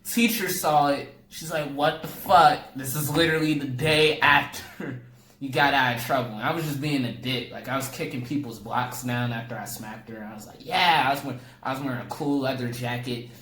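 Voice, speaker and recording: A man's voice: mid-range voice, fairly quick, sharp tone. A young man, a comedian, telling a comic story in casual talk and acting out the people in it with sudden jumps in his voice. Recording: echoey room with faint ambient noise.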